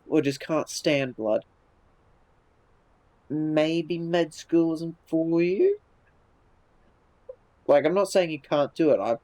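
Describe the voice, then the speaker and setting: A man's voice: medium pitch, a little mellow, low-quality recording. A man streaming live, chatting casually and reacting to viewer messages in a laid-back way, swearing freely and restarting his sentences.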